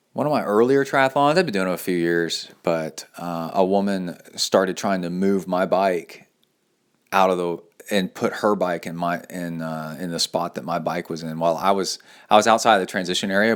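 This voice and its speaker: A middle-aged man hosting a casual solo podcast, rambling with many fillers and restarts, and acting out quotes in a raised voice. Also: deep voice. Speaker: podcast host and coach.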